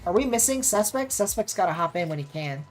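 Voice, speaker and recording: Expressive and fairly quick, an American woman streamer talks in a lowish voice with a darkish tone. She plays and reacts to the match, chatting casually with her viewers, and also works as a caster. Soft music plays in the background.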